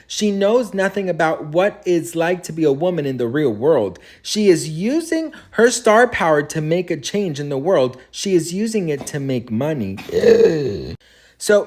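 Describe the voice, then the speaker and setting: A man hosting a celebrity gossip talk, sassy and animated, calling his listeners "girl" and "best friend" and reading an article aloud with his own asides. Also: fairly high pitch. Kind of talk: casual gossip commentary.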